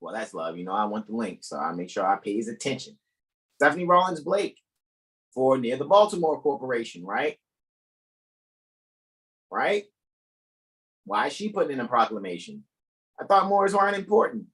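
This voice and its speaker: A man hosting a live talk stream, emphatic and profane, often bursting into loud, incredulous questions. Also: medium pitch, sing-song, normal speed, pauses often, low-quality recording. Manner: profane, keeps asking "right?". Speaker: host. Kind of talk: animated livestream talk.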